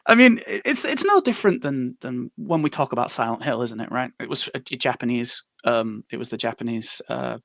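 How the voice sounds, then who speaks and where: A man's voice: mid-range voice, expressive, brisk, gravelly, hardly any pauses, fairly bright tone, no echo, clean studio sound. A man co-hosting a casual gaming talk show, agreeable and chuckling, with many hesitant fillers. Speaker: podcast co-host.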